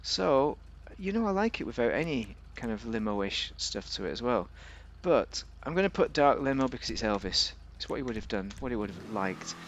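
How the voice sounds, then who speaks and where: Guy chatting over gameplay, rambly and jokey, mid pitched voice. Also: very animated, normal speed, hardly any pauses, a little hiss or hum. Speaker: game video host. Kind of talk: casual game car review commentary.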